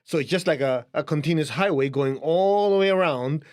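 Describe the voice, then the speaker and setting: A man with a Chinese accent teaches in a loose, conversational way, his voice sitting a little higher than most men's. He chuckles lightly as he explains things, like a spiritual teacher talking to a class. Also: moderate pace. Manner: conversational, chuckling, shows a book to camera. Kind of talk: casual teaching talk to camera.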